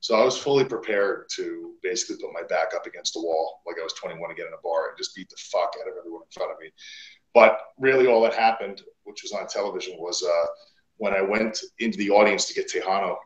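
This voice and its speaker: Profane wrestler telling stories, echoey room. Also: male voice, sits low, quick pace, highs cut off. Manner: blunt, profane, animated storytelling. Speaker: guest wrestler. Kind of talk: casual podcast interview storytelling. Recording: roomy echo.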